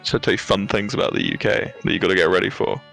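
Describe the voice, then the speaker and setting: A man's voice: deep voice, fairly even intonation, quick pace, vocal fry, a bit bright, faint music behind. A young man with an English accent chatting casually, rambling through anecdotes with frequent laughter and casual swearing. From England. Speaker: streamer telling stories. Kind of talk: casual chat.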